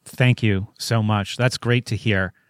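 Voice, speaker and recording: A man's voice: lowish voice, steady tone, unhurried, dry recording, studio quality. A man hosting a podcast and chatting in a casual, playful way. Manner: playful, breaks into mock regional voices. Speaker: podcast host.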